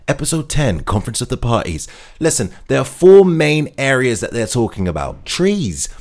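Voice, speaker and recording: A man's voice: mid-range voice, a little mellow. A man hosting a comic news monologue, sarcastic and mock-enthusiastic as he rattles through the headlines. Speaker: comedy host.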